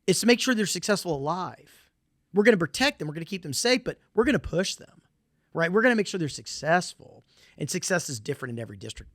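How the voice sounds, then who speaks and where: A man's voice: high voice, big pitch swings, quick pace, fairly bright tone, no room sound, clean studio sound. A middle-aged man with a Southern US accent, giving a conference presentation in an emphatic, repetitive way with folksy asides.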